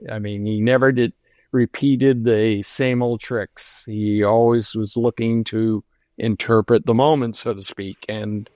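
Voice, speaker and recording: An older man, a lighting designer guest, telling stories in a relaxed interview with many fillers. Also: fairly low pitch, unhurried, no room sound. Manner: reflective storytelling, many fillers. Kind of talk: casual interview conversation.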